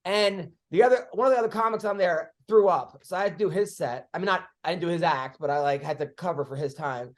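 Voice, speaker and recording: A middle-aged man hosting a podcast, telling comedy-road stories in casual chat, animated, swearing freely and acting out what people said. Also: on the high side, fast, hardly any pauses. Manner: animated storyteller, swears freely, acts out quotes.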